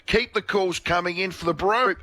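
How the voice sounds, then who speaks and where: An Australian man co-hosting live radio talkback, excitable and emotional, chatting with callers. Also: high voice, moderate pace. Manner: excitable, laughing, emotional banter. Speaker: radio football commentator and talkback host.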